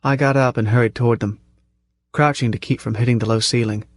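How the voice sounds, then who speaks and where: A man narrating a first-person story in a measured, tense manner. His voice is mid-pitched and the recording is close and completely dry, with no room around it. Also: steady tone, no echo. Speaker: audiobook narrator.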